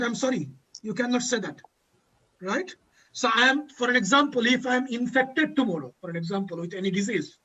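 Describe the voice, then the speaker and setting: Male panel host, high bright voice, emotional, dull lo-fi audio. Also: a little fast, husky. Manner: emotional, repeats lines for emphasis. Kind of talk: impassioned advocacy speech.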